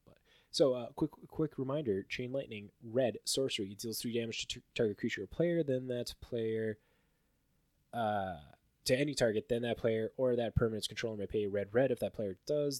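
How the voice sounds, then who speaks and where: With a lowish voice and clean, echo-free studio sound, a male podcast co-host chats casually about card game results. He wanders through the stats, leaning heavily on fillers and perking up as he lists them.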